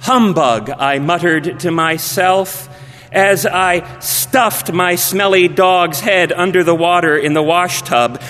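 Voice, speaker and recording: Male pastor, sermon storytelling, high voice, unhurried, hushed phrase endings, big hall reverb. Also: soft background music. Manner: measured, dropping to a hushed voice at phrase ends. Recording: long reverb of a large hall.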